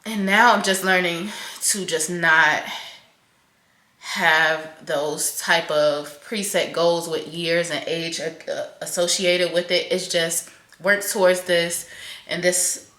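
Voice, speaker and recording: Young woman, confessional vlogger, low but bright voice, curses a lot, loud then hushed, recorded in an echoey room. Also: steady tone, slow. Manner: candid and emotional, swears often, swings from loud to soft. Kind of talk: raw confessional venting to camera. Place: home kitchen, in doors.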